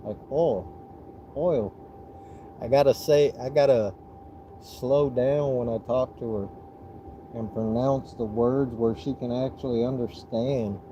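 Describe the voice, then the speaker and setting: A middle-aged man with a Southern US accent, chatting casually on a fishing livestream in a relaxed, rambling way with frequent restarts. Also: mid-range voice, unhurried, slight background noise, low-quality recording.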